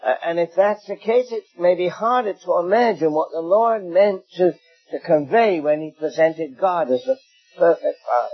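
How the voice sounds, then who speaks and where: An older preacher with an English accent, high-pitched and a little husky. He delivers his sermon with anecdotes and gentle humor. The recording is dull and lo-fi, with faint music underneath. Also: normal speed. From England.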